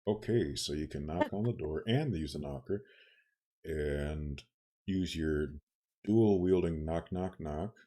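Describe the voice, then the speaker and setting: A man's voice: very deep voice, takes it slowly, warm tone. A man narrating a tabletop game as game master, playful and rambling as he thinks aloud.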